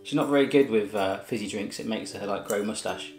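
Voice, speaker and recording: Jokey low-voiced man hosting a taste test. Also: brisk. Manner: jokey, animated, chatty. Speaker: cooking channel host tasting food with his daughter. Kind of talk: casual taste-test chat. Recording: roomy echo with faint music.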